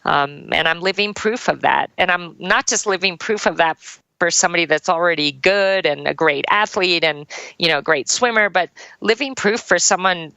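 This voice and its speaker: A woman speaking in a low voice with a gravelly edge tells a heartfelt personal story as a podcast guest. Her tone is bright and crisp, and she often drops "like" as she talks. The sound is dry and close. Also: moderate pace, no room sound, low-quality recording. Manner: earnest, heartfelt, with frequent "like" fillers. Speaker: triathlon champion and coach, guest.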